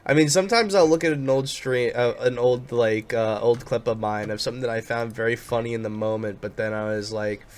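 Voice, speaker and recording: A man's voice: mid-range voice, steady tone, a little fast, few pauses. Dry, teasing male podcast guest. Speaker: guest streamer. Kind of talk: casual podcast chat.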